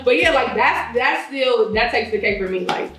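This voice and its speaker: A woman's voice: fairly high pitch, moderate pace. A woman guest chatting casually while cooking in a kitchen, telling a story with lots of laughter and acting out quotes. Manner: animated storyteller, laughs often, acts out quotes. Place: home kitchen. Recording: echoey kitchen, distant mic, music behind.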